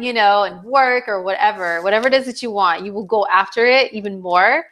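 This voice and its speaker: A woman's voice: mid-range voice, moderate pace, a bit bright. A woman astrologer giving a casual, chatty forecast, talking loosely with many fillers and acting out little quoted exchanges. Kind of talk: casual live-stream forecast talk.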